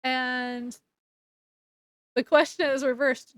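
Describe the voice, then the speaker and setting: A book reviewer casually recaps a novel's plot, rambling and chatty, with lots of fillers and restarts. Her voice sits high, she takes her time with long pauses, and the recording is dry.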